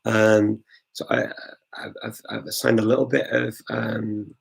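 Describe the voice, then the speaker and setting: A man's voice: fairly low pitch, flat delivery, measured pace, creaky, slightly rough, poor audio. A man from England hosting a live Q&A, chatting casually and enthusiastically, full of ums and restarts. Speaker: host of a live Q&A. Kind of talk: casual livestream chat answering viewer questions.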